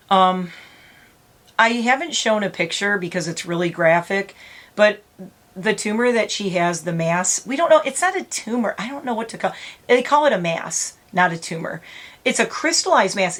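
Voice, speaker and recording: A middle-aged woman talking to camera from home, earnest and rambling, close to tears. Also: fairly low pitch. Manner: earnest, rambling, self-correcting. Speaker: vlogger. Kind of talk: emotional casual vlog.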